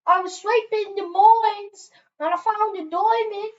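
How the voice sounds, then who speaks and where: A woman doing a timid young German-British chimney-sweep boy who stammers through every answer. His voice is high and light. The recording sounds muffled and lo-fi. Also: steady tone, unhurried. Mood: meek. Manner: stammering, hesitant.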